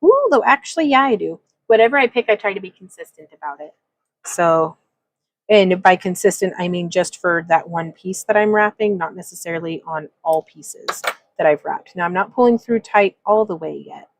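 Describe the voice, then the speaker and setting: A woman's voice: lowish voice, normal speed, dry recording, low-quality recording. A woman hosting a casual craft livestream, talking through a wire-wrapping demonstration in a chatty, rambling way, laughing often and reading chat comments aloud. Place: home craft room.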